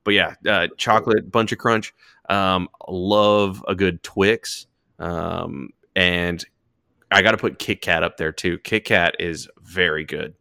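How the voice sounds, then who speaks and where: A man's voice: low voice, steady tone, slow, vocal fry, pushed and bright, clear, resonant tone, no echo, clean studio sound. A man in his thirties, raised partly in Australia, chatting casually on a podcast, laid-back and often swearing. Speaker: podcast host. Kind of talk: casual chat.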